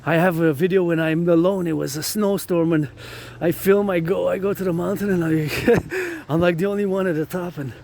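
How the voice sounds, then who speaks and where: A high-pitched man talks on and on as he climbs a mountain on a rainy day, looping back over the same words. Faint outdoor noise sits behind his voice. He drifts from topic to topic, now and then breaking into a chant. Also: moderate pace, gravelly, a little mellow. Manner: rambling, repetitive, chants in bursts. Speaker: vlogger. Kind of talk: rambling outdoor monologue. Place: outdoors walking up a mountain in rain.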